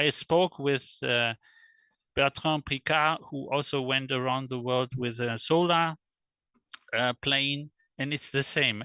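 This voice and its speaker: A man speaking English as a second language in a casual interview, halting and searching for words, at times animated. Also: medium pitch, no room sound. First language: not English. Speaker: guest, electric car world traveler.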